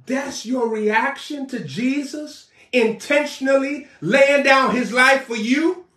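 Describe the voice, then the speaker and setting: A man preaching a fiery sermon, shouting, scolding and mocking his listeners. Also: very high-pitched, takes it slowly. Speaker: prophet preacher. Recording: echoey room, voice far from mic.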